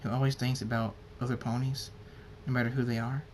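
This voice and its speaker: A man voicing a tender, emotional female unicorn pony in a home-read fan story, in a soft plain read. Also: medium pitch, little pitch movement, fairly quick, slight background noise, lightly acted. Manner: soft, plain read, barely changed from the reader's voice.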